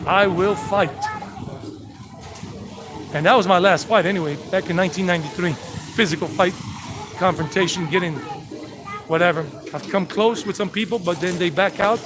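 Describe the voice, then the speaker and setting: High-voiced man rambling outdoors on the street. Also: brisk. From South Carolina, USA. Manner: brash, rambling storyteller. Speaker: tour guide vlogger. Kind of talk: casual walking-tour chat. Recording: street noise behind.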